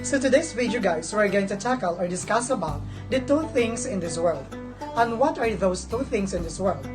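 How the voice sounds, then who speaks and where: A woman teaching a grammar lesson in a slow, deliberate way, often calling the class to attention. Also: medium pitch, expressive, over music, low-quality recording. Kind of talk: grammar lesson for young learners.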